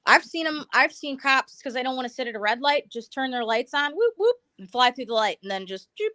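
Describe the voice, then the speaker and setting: A young woman co-hosting a live stream, telling blunt, animated stories in casual chat and acting out the people she quotes. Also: sits high, a little fast, no echo. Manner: blunt, animated storyteller who acts out quotes.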